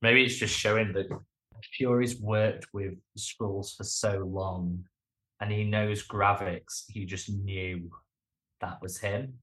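A man with a fairly low voice chats as a podcast co-host. He speaks in short, wry remarks. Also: fairly even intonation, takes it slowly, bright, forceful tone. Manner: wry, brief interjections. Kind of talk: casual chat.

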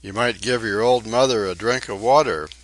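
A man's voice: medium pitch, measured pace, a bit bright, no echo, lightly acted. A man voicing an old woman returned from the sea, speaking in a mournful, pleading way in a storybook reading. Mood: plaintive. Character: frightened old woman ghost, dripping, plaintive.

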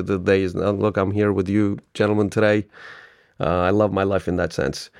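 A man guest on a podcast interview, telling stories with lively acted-out dialogue and frequent laughter. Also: fairly low pitch, creaky, smooth, no echo, clean studio sound. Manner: animated storyteller, laughs often, acts out dialogue. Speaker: business owner guest.

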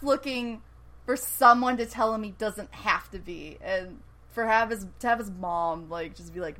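Animated woman recapping a show. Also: medium pitch, unhurried, rough recording. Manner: animated storytelling, laughs often, acts out quotes. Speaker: podcast co-host recapping a TV episode. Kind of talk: casual chat.

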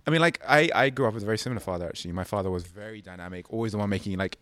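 A man's voice: on the low side, racing, a bit bright, no echo. A man with a British accent hosting an interview, asking long reflective questions padded with fillers. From United Kingdom. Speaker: interviewer, host. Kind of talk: conversational interview.

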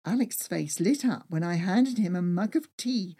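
Lowish woman reading a travel memoir. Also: normal speed, breathy edge. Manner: lively, expressive storytelling. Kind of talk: first-person memoir reading.

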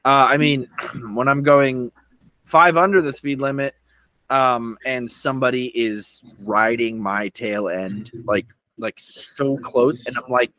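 A man's voice: medium pitch, slow pace, bright, forceful tone, no echo, low-quality recording. A young man co-hosting a podcast in casual chat, laughing often and correcting himself as he goes. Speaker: podcast co-host.

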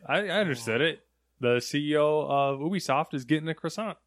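A man's voice: fairly high pitch, brisk, no echo, clean studio sound. A young man co-hosting a gaming news podcast, laid-back and playing along with his co-host's jokes. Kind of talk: casual chat.

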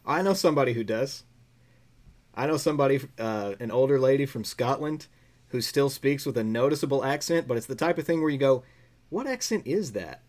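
Man, mid pitch, easygoing, explanatory, casual chat. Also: brisk, a little mellow. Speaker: podcast co-host.

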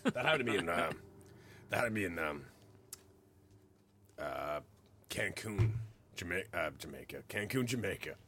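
A man chatting casually on a podcast, telling a story with animated delivery, swearing freely and laughing as he goes. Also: deep voice, moderate pace, pauses often, a little hiss or hum.

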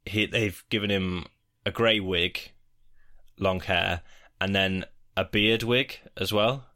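A man's voice: sits low, steady tone, takes it slowly, sharp tone. A man co-hosting a podcast in casual, rambling chat, laughing easily. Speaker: podcast co-host.

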